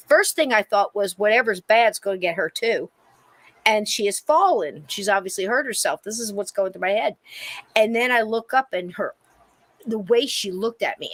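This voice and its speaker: A middle-aged woman co-hosting a podcast, telling a personal story in casual chat and acting out the quoted lines in a high, excited voice. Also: no room sound. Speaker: podcast co-host.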